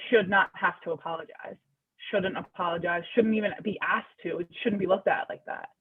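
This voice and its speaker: A woman's voice: on the low side, steady tone. Passionate woman coach on a tinny call line. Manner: passionate, emphatic, quick bursts. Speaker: basketball coach. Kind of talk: panel discussion. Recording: husky voice over a tinny phone-like call line.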